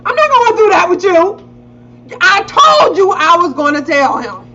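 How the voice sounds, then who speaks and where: A middle-aged woman telling a family story in casual chat, acting out the quotes and swearing freely. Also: moderate pace. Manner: animated, acts out quotes with big pitch jumps. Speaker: podcast co-host. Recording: slightly dull lo-fi audio with faint hiss.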